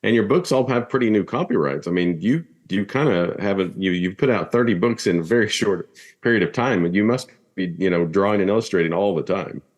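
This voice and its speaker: A man's voice: low voice, a little fast. A man hosting a casual interview podcast, who often restarts his questions as he asks them.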